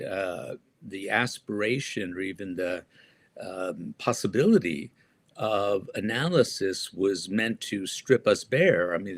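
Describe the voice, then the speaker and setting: A man answering interview questions as an author and guest, speaking thoughtfully with frequent pauses and restarts. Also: on the low side, no room sound.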